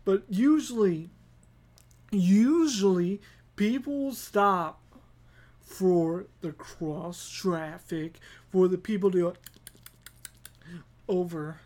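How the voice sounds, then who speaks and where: A woman's voice: on the low side, takes it slowly, pauses often, darkish tone. Giggly rambling woman podcast host. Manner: giggly, rambling, self-mocking. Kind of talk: rambling comedic storytelling.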